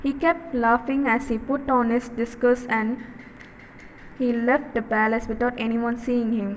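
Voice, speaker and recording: Woman reading a story, high voice. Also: steady tone. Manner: halting reading with frequent self-corrections. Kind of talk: reading a children's story aloud. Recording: dull recording with long reverb and faint noise.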